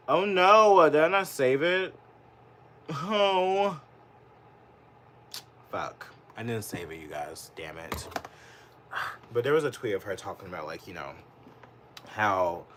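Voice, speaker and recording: Brief: indignant male streamer ranting live, profane and rambling, mid-pitched with a lively, swinging delivery. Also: takes it slowly, long pauses, slight background noise. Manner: profane, rambling, heavy use of "like"; gets heated and indignant. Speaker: political livestreamer. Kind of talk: live political commentary.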